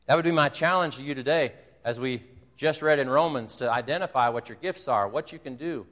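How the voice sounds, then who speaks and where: Male preacher, mid-pitched, earnest storyteller, recorded in a reverberant church hall. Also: a little fast, a bit bright. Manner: earnest storytelling, retells a movie scene with quoted dialogue. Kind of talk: sermon. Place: church sanctuary.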